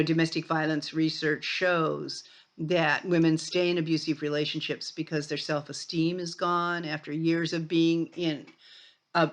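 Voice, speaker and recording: Older woman giving a rambling lecture. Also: low-pitched. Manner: conversational, rambling with fillers and restarts. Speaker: sociology lecturer. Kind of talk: recorded college lecture.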